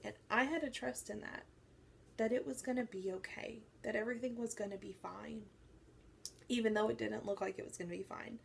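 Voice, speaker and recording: A young woman telling a personal faith story to her viewers, animated and acting out what people said. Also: on the high side, normal speed, vocal fry, slight background noise. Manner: animated storytelling, acts out quoted voices. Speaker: faith vlogger. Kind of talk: personal testimony to camera.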